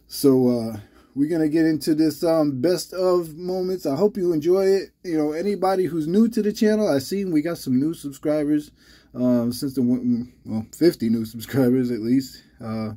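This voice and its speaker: A man hosting his channel in casual, rambling vlog talk, halting with many restarts, a little under the weather. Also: on the high side, warm tone. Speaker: channel host.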